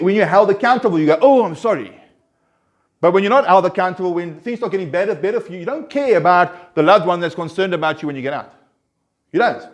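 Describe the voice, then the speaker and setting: Male recovery counselor, a touch higher-pitched, earnest and informal, restarts often and pushes key points up. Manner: earnest, conversational, with frequent restarts and rising emphasis. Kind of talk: informal group talk.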